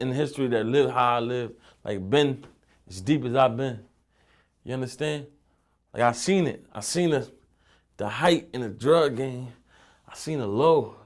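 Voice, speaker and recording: A young man from Philadelphia, a rapper being interviewed, telling loose streetwise stories full of profanity and "you know what I'm saying.". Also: medium pitch. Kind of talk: casual interview storytelling.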